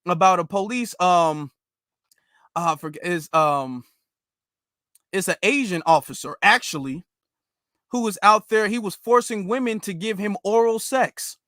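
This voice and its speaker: A man's voice: high-pitched, a little slow, pauses often, fairly bright tone, dry recording, clean studio sound. A man hosting a commentary video, reacting to clips with emphatic rhetorical questions and a rambling delivery full of fillers. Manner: rambling, with many fillers and restarts. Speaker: commentary host.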